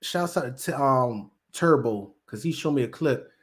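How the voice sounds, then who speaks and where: A man's voice: medium pitch, expressive, measured pace. Slangy man riffing on celebrity gossip. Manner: slangy, rambling storyteller who acts out quotes. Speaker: commentary host. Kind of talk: casual commentary.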